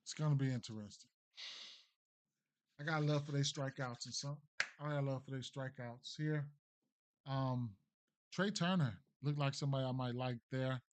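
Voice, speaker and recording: A man talking through sports betting picks on a live stream, in an unhurried, loose way. He mumbles and thinks aloud, trailing off and restarting often. His voice sits at an ordinary middle pitch. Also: fairly even intonation. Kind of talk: casual live-stream commentary.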